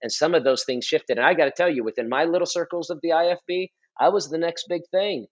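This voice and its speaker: A man's voice: on the high side, quick pace. Earnest pastor telling his testimony. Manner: earnest storytelling, repeats and restarts phrases for emphasis. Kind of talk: conversational testimony on a podcast. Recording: slightly dull lo-fi audio.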